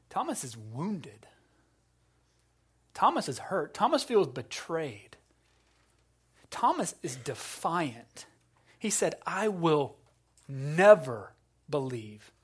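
A man preaching a sermon as a pastor, conversational and self-deprecating, often restarting words and dropping to a low, quiet voice for emphasis. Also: husky.

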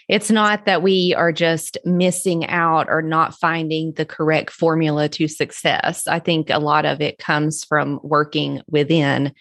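Woman host of an interview podcast, slightly low pitch, dry recording. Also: fairly bright tone, no echo.

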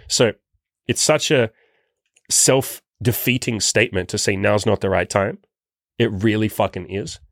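A man's voice: lowish voice, measured pace, creaky, a bit bright, no room sound, studio quality. A young adult man coaching self-improvement in a blunt, profane, pushy monologue. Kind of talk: motivational monologue.

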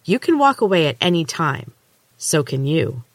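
A woman reading a story aloud, voicing a defiant young woman fighter who sounds tense and climbs higher in pitch when upset. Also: big pitch swings, normal speed, no room sound, full character voice.

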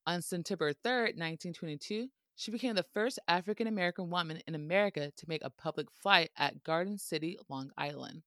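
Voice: mid-range voice, fairly quick, hardly any pauses, pushed and bright, no echo, clean studio sound. A podcast host telling history in a casual, playful way, with joking asides and frequent laughter.

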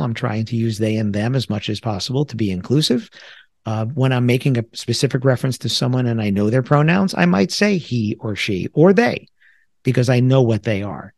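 A middle-aged man from the New York area hosts a solo podcast in a gravelly, mid-range voice. He talks things through reflectively and conversationally, tossing in self-deprecating asides. The studio-quality recording has no echo.

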